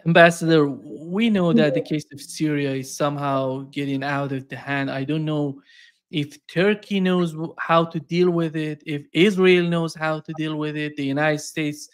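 A man hosting an interview, asking questions in an unhurried way. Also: on the high side, fairly even intonation, smooth. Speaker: host.

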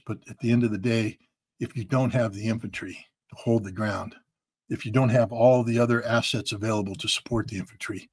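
A man's voice: on the low side, slightly rough. A man from the United States giving emphatic, blunt political commentary as a guest.

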